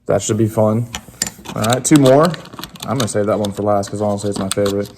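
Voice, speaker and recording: Gravelly low-voiced man, casual chat. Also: fast talker, background noise. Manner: relaxed and chatty, laughs often, trails off with fillers. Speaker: co-host unboxing game tokens.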